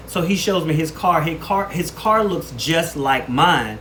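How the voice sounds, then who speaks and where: A man chatting casually to camera in a weekly vlog, telling stories and showing off products in an animated, talkative way. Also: on the high side, a little slow, hardly any pauses. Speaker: vlogger. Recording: noticeable background noise.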